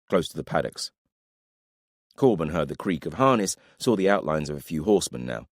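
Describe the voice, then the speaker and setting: Deep-voiced male audiobook narrator. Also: no room sound, clean studio sound. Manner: expressive storytelling. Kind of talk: scripted narration.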